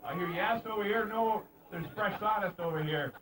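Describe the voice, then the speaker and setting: Over a background crowd, a high-pitched man speaks at a moderate pace as he hosts an outdoor lumberjack show on a mountain. He calls out the races with joking, teasing banter aimed at the contestants, captured in distant outdoor home-video sound.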